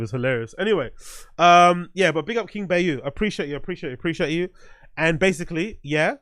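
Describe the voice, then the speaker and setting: A podcast host with a somewhat high voice talks bluntly and swears freely. He works his thoughts out aloud in loose livestream commentary, with plenty of restarts. The sound is close and dry. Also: animated, a little fast, fairly bright tone, no room sound. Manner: blunt, profane, opinionated; thinks aloud with restarts and fillers.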